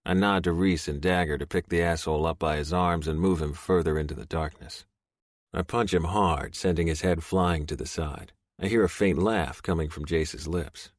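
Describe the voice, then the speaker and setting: A man narrating a romance audiobook in first person, gruff, profane and intense. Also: a bass voice, steady tone, moderate pace, dry recording, studio quality.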